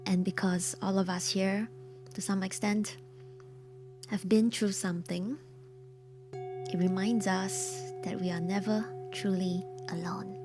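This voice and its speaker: A young woman hosting a horror story stream, speaking in a slow, hushed, half-whispered and theatrical way, like a spooky storyteller setting the mood. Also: medium pitch, little pitch movement. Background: soft ambient music with singing bowl tones.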